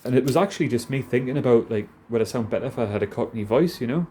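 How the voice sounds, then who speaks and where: A man's voice: medium pitch, expressive, racing, warm tone, a little hiss or hum. A man in his thirties with a Geordie accent, rambling casually and self-deprecatingly to camera, swearing a lot. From North East England. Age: 30s. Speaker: vlogger.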